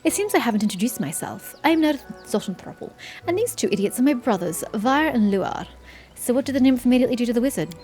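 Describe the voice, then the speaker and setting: A woman's voice: on the high side, big pitch swings, quick pace, a little mellow, faint music behind. A woman voicing a smug, bookish male gnome who speaks dismissively.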